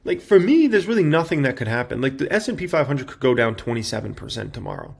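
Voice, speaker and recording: A man in his thirties with a gravelly, fry-edged voice, chatting casually to camera as a stock market commentator. He talks loosely and informally, scattering fillers and "right?" through his points. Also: medium pitch, huge pitch swings, fast talker. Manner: conversational, filler-heavy with tag questions.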